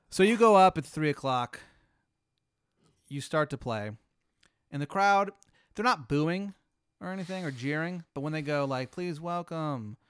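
A man's voice: on the high side, fairly bright tone, smooth, dry recording, clean studio sound. A man hosting a podcast, spinning a long improvised hypothetical in a laid-back, rambling way full of "like". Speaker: host.

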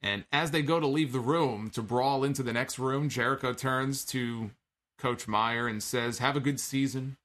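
A man's voice: medium pitch, measured pace, fairly bright tone. A man giving a casual spoken recap of a wrestling show, conversational with wry asides and frequent filler words.

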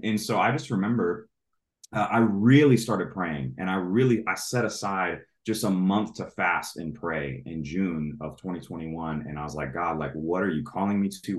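A man in his thirties, a traveling evangelist, telling his faith story in an animated way and acting out his own reactions. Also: low-pitched, reverberant. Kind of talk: testimony storytelling.

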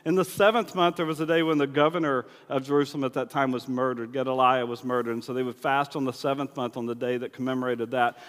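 A man's voice: mid-range voice, fairly even intonation, fast, hardly any pauses. A man preaching a sermon in a loose, conversational way, acting out bits of dialogue. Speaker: pastor. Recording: long hall reverb.

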